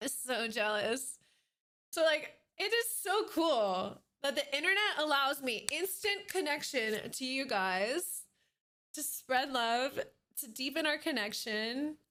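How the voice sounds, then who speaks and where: A woman's voice: fairly high pitch, bright, forceful tone. A woman streamer chatting casually on a live stream, bubbly and giggly as she greets her chat by name. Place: at home at her computer.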